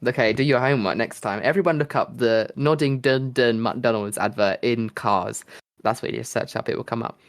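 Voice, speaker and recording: A man co-hosts a casual podcast, talking at an ordinary middle pitch. He rambles and jokes, restarting sentences and filling gaps with ums. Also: normal speed. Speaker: podcast co-host.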